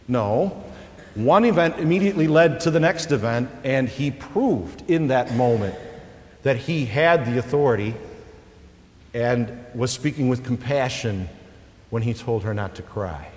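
Man preaching in a reverberant hall. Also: medium pitch. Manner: dynamic preaching, swelling loud then dropping soft. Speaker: pastor. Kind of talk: sermon. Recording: long reverb of a large hall.

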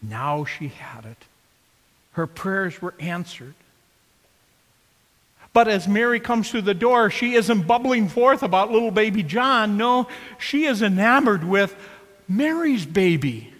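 Slow, high-voiced male preacher. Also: in a large hall. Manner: expressive, questioning, emphatic. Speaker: pastor. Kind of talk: sermon.

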